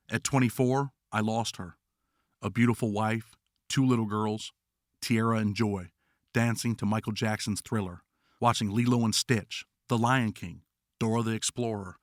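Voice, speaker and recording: A man reading his own first-person memoir in a somber, measured scripted narration. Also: lowish voice, fairly bright tone, no room sound, clean studio sound.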